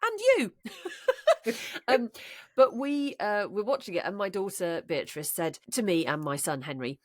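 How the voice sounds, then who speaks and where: A woman's voice: mid-range voice, a little slow, no room sound. A woman, a podcast co-host telling a funny family story and laughing often. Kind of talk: comic anecdote, casual chat.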